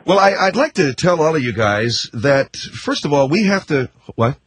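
A man hosting a radio talk show, reading plugs in a brisk, mock-earnest pitchman patter. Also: sing-song, slightly rough, no room sound.

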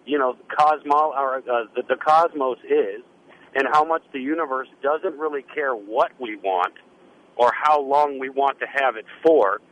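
Halting male radio host. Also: fairly high pitch, a bit bright. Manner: hesitant, halting, restarts. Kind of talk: radio call-in argument. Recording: muffled lo-fi sound.

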